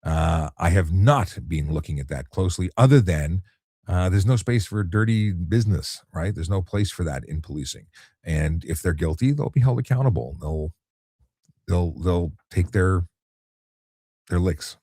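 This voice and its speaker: Male cop host, deep mellow voice, laid-back live Q&A, dry close sound. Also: lively intonation, normal speed, slightly rough, dry recording. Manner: easygoing, often repeats words when restarting. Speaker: traffic cop and livestream host. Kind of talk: relaxed late-night live chat answering viewer questions.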